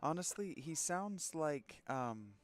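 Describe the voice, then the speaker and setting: A man's voice: on the high side, sing-song, slow. A man hosting a gaming channel, making sarcastic, joking comments while playing a game. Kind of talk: casual let's-play commentary. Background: game music.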